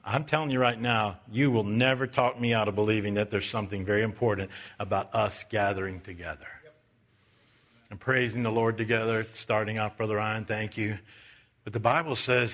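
A man who is a Baptist preacher, giving a sermon that swings from loud, high preaching to quiet storytelling. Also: fairly even intonation, a little fast. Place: church.

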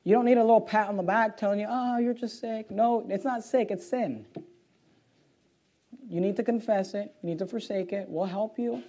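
A man's voice: sits high, normal speed, mellow. A man preaching a sermon to a church congregation, reading scripture aloud with mounting force. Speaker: pastor. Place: church auditorium.

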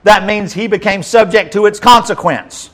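A male pastor preaching a sermon, reading scripture aloud with dramatic emphasis and dropping to quiet asides. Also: sits high, moderate pace, low-quality recording.

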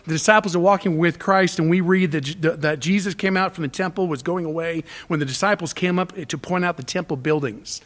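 A male pastor delivers an expository sermon from a church stage. His voice sits high for a man, and he presses his points earnestly and emphatically. He often stops and restarts phrases as he builds toward the key word. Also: brisk, hardly any pauses, fairly bright tone.

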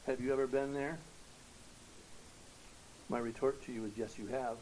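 A man preaching a sermon to his congregation, earnest and emphatic, dropping to hushed tones and swelling to loud declarations, posing rhetorical questions. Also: medium pitch, fairly even intonation, moderate pace, long pauses, slight background noise, low-quality recording. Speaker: pastor.

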